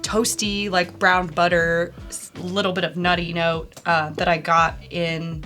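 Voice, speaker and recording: Low-voiced woman co-hosting a tasting chat. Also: level tone, measured pace, bright, forceful tone, faint music behind. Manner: thoughtful, searching for descriptive words. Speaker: co-host.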